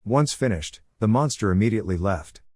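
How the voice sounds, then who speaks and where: A male narrator recounting a comic story in a steady, even manner. His voice sits on the low side. The recording is close and dry with no room sound. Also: a little fast, no echo. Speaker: recap narrator.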